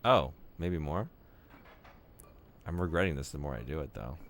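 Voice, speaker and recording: A man's voice: very deep voice, lively intonation, moderate pace, slight background noise. A young man streaming a game, joking and teasing his viewers in casual chat.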